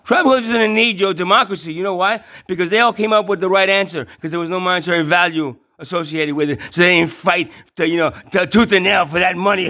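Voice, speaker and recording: Fairly high-voiced man ranting and swearing. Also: fast, hardly any pauses. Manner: stammering repetitions, heavy swearing, yelling. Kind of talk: profane ranting monologue.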